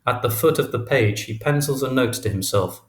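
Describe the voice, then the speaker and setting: A man narrating a literary audiobook in a measured, even reading. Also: mid-range voice. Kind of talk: scripted narration. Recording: roomy echo.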